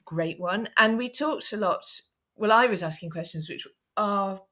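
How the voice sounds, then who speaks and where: A woman's voice: mid-range voice, a little slow, crowd noise. A middle-aged British woman co-hosting a podcast, thinking aloud and correcting herself as she builds her questions, with a wry humour. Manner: thoughtful, self-correcting, wry. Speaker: podcast co-host. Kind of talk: conversational expert discussion.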